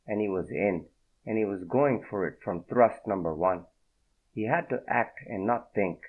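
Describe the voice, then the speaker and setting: Low-voiced male audiobook narrator. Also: husky. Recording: tinny phone-like audio.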